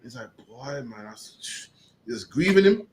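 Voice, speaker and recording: A man's voice: medium pitch, sing-song, unhurried, rough recording. A man teaching scripture in slangy, emphatic street talk, ending his phrases with "man". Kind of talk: animated teaching with questions.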